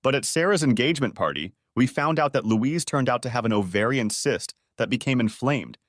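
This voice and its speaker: A man narrates a first-person story in a steady, measured read. His voice sits mid-range, and the recording is dry and close. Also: medium pitch, dry recording.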